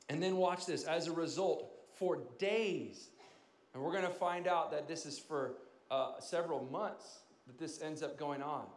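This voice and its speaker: A male pastor preaching a sermon, swinging from loud emphasis down to quiet, hushed asides. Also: a little high, reverberant.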